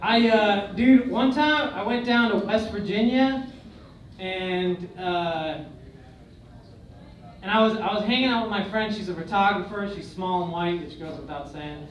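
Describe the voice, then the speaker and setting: On a comedy club stage, a young male comedian with a high-pitched voice speaks a little slowly, telling crude, swaggering stories that swing between loud and quiet. The echoey recording is captured from far off, with audience laughter in the background.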